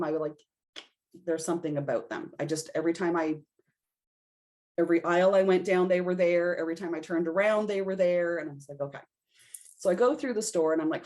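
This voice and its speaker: In casual podcast conversation, an intuitive reader recounts a personal story and plays out how she reacted as it unfolds. Her voice is on the low side and a little mellow.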